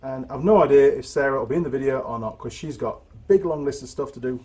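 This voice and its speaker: A man's voice: mid-range voice, quick pace, darkish tone. A man, a motorcycle mechanic hosting a casual workshop vlog, rambling and self-deprecating.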